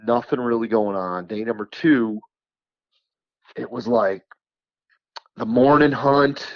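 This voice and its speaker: A man from New York, a podcast guest, telling a hunting story in a casual, animated way, repeating words for emphasis. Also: mid-range voice, takes it slowly, dry recording, muffled recording. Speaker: podcast guest, turkey caller.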